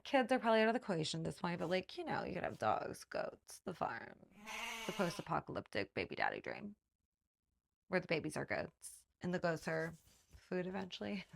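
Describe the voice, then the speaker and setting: A woman's voice: fairly low pitch, wildly swooping pitch, brisk, gravelly. A woman hosting a comedic monologue, riffing playfully with jokey asides that sometimes drop to a whisper. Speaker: host.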